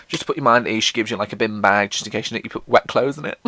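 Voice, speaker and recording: A young man telling comic school stories in a casual monologue, swearing and mocking himself, slipping into squeaky voices for the people he quotes. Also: racing, few pauses, pushed and bright, dry recording. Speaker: podcast host.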